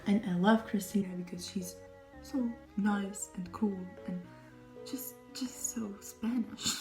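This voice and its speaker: Slow, gushing young woman book vlogger. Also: medium pitch, steady tone, music in the background, low-quality recording. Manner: gushing, rambling, with breathy whispered asides. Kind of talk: casual book talk.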